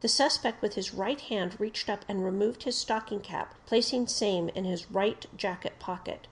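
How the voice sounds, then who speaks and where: A woman reading an official police report aloud in a steady, formal narration. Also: medium pitch. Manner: steady, formal delivery that gets louder on quoted shouts.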